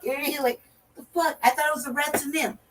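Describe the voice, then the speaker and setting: A woman co-hosting a talk show, telling a profane story in a lively way and acting out her own reactions. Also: high-pitched, very fast. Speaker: podcast co-host. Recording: distant mic with faint noise.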